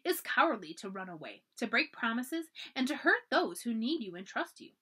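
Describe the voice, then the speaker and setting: A woman's voice: a little high, very animated, normal speed, bright, forceful tone, husky, exaggerated voice. A woman reading aloud and voicing a brave, spirited colonial girl of about ten who talks urgently and pleads.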